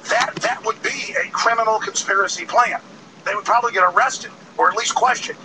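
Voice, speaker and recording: A man's voice: high voice, a little fast. A man hosting a live broadcast outdoors by a road, with an impassioned, ranting, emphatic delivery. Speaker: host. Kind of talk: fiery outdoor protest broadcast. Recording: distant mic, loud street noise.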